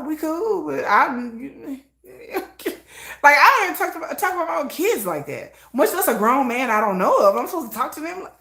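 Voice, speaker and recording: Middle-aged lady ranting on her stream, bright lively voice, laughs a lot, echoey room. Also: high-pitched. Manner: blunt, animated, laughs often, acts out dialogue. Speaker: livestream host. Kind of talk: casual livestream chat.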